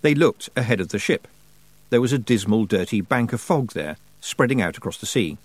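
Guy reading a fantasy audiobook, lots of pitch swing, dry close sound. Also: a little fast, no room sound. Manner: expressive storytelling. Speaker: narrator. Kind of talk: audiobook narration.

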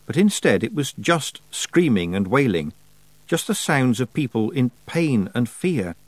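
A man narrating a fantasy audiobook with expressive storytelling. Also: mid-range voice, unhurried, no echo.

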